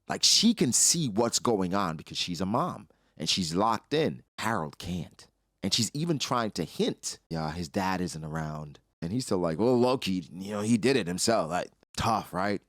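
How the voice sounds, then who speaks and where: Animated young man breaking down a chapter. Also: deep voice, no echo, clean studio sound. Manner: animated, acts out character lines in his own voice. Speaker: anime reaction host. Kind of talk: casual commentary.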